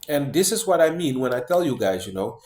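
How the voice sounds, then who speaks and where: A man's voice: mid-range voice, big pitch swings, fairly quick, a little mellow, echoey room. A man talking casually to his viewers in a rambling way, full of fillers, restarts and "man" and "guys". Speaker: vlogger. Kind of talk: casual monologue to camera.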